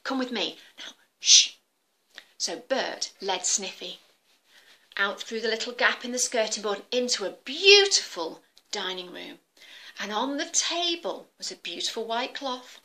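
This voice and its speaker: A woman tells a children's tale, her voice lively and swooping up and down. She reads brightly and crisply, with a fairly high pitch. The delivery is expressive and full of energy. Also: moderate pace. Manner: animated, expressive reading. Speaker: children's storyteller. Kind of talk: storytelling for children.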